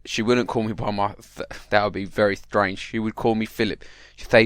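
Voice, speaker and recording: A man hosts a comedy podcast in a rambling, mock-serious monologue. He keeps stopping and restarting and speaks straight to the listener with put-on paranoia. His voice is smooth and sounds dry and close. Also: on the low side, steady tone, normal speed, fairly bright tone, no room sound. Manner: addresses the listener directly.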